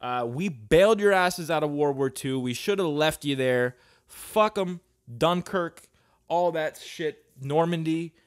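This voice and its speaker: Slow-talking, crude man ranting. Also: on the high side, clear, resonant tone. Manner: crude, profane and rambling, with sudden loud outbursts. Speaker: podcast host. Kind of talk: casual solo podcast rant.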